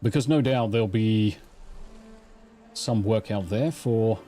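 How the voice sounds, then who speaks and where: A man's voice: lowish voice, slow pace, dark tone. A middle-aged Englishman with an English accent, chatting casually and rambling with swearing while he live-streams a game on a studio mic. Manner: rambling, sweary, self-deprecating banter. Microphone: studio mic through a mixing console.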